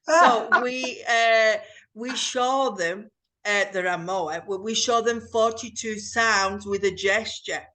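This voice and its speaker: A woman from England, a teacher chatting slowly and carefully over a video call. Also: fairly high pitch, pushed and bright. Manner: slow, careful, explanatory. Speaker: English teacher, host. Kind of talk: casual conversation on a video call.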